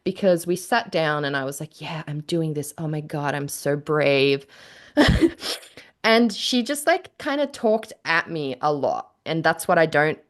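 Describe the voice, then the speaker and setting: Low-voiced woman on a podcast mic, chatty and candid, says like a lot, acts out the people in her stories. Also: animated, a little slow. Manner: candid storytelling, heavy on "like", acts out quotes. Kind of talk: casual chat.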